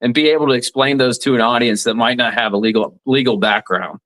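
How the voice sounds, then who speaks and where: On a poor-quality recording, a fortysomething former attorney turned radio commentator from southeast Alabama explains legal matters in a relaxed interview. He talks quickly in a mid-range, fairly bright voice with fairly even intonation. He restarts often while laying things out plainly.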